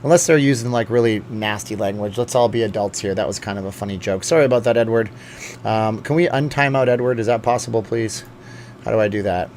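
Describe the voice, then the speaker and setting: A man's voice: lowish voice, fast, a little mellow, a little hiss or hum. A man hosting a casual live chat, reading viewer comments aloud and rambling at home. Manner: chatty, rambling, talks straight to viewers. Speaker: live-stream host. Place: at home with a dog at his feet.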